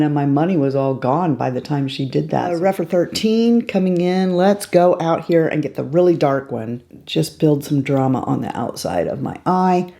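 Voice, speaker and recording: Chatty mellow woman over fifty. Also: sits low. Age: 50s or older. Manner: chatty, talks straight to viewers while applying makeup. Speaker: beauty vlogger. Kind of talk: casual makeup tutorial chat.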